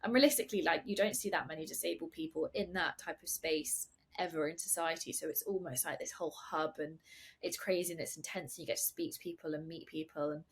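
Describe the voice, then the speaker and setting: A woman hosting a podcast, chatting in an animated way with quick asides and dry sarcasm. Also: sits low, breathy edge. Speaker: podcast host. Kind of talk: casual interview talk.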